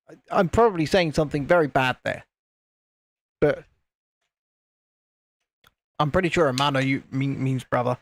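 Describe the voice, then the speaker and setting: Cheeky bloke chatting on a live build stream, bouncy pitch, dry close sound. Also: male voice, big pitch swings, normal speed, pauses often, a bit bright, no echo. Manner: teasing wind-up merchant. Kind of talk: casual chat while building.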